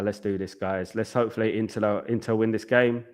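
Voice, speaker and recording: A man's voice: fairly low pitch, fairly even intonation, brisk. Rambling chatty man hosting a watchalong. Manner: chatty, rambling, repeats himself, keeps saying "guys". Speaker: watchalong host. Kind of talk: live football watchalong chat.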